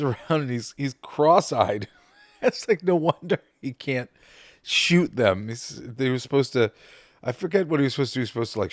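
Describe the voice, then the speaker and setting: A man hosting a podcast, chatting casually and excitedly about favorite comedy films, swearing and laughing as he retells scenes. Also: medium pitch, dry recording, studio quality. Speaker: podcast host. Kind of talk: casual movie ranking chat.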